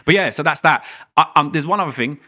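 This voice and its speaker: A man, a guest at a live podcast event, telling stories in lively, slangy chat. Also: fairly high pitch, dry recording. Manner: animated storyteller, slangy, fast chatter. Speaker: guest, dentist. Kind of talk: casual live interview chat.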